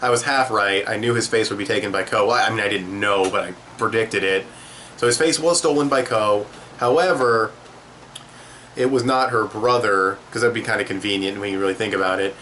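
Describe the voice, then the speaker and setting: A man's voice: fairly low pitch, a little fast, bright, forceful tone, slight background noise. A young man giving a casual spoken comic review, loose and profane, acting out quotes as he goes.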